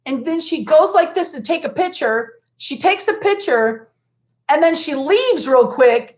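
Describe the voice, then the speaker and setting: A woman co-hosting a relaxed live stream chat. Her voice sits fairly high, and she tells stories with plenty of animation, playing out what people said. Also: unhurried. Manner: animated storyteller, acts out quotes loudly. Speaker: co-host. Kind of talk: casual chat.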